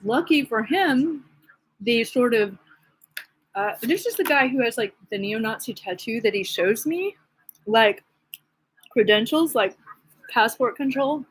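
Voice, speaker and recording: A woman's voice: a little high, animated, a little slow, long pauses, husky, low-quality recording. A woman vlogging in a rambling, casual monologue, gossipy and agitated, with many fillers.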